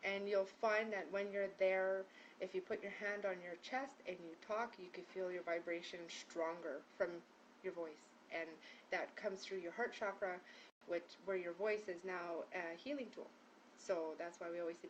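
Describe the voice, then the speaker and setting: A woman's voice: on the low side, steady tone, moderate pace, lo-fi sound, a little hiss or hum. Woman healer giving loose, rambling instructions. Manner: loose and rambling, with many fillers and restarts. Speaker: spiritual healer leading a group prayer session. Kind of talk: casual spoken instruction. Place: indoor room hung with prayer ties.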